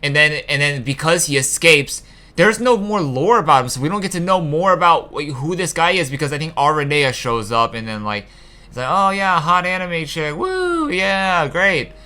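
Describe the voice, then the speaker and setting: A man's voice: on the high side, brisk, pushed and bright. A young man hosting a gaming channel, ranting casually about a game's story, frustrated and profane, with rambling asides. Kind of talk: casual rant about a game.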